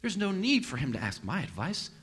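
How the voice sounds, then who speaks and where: A male pastor delivers a sermon woven with a personal story, acting out the quotes with sudden loud bursts and hushed asides. His voice sits a bit high and bright, rising and falling widely. The sound carries the long reverb of a large hall. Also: huge pitch swings, a little fast, slightly rough.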